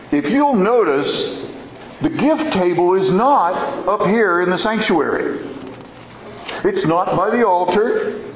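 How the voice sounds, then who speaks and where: A man giving a sermon in a church, telling his story in a slow, earnest way. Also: on the high side, roomy sound, a little hiss or hum, poor audio. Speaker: preacher.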